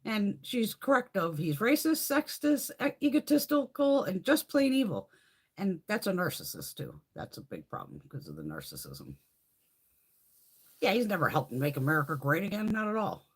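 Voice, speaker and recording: Middle-aged woman host, husky, very lively pitch, profane casual live-chat rant. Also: moderate pace. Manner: profane, heated, animated.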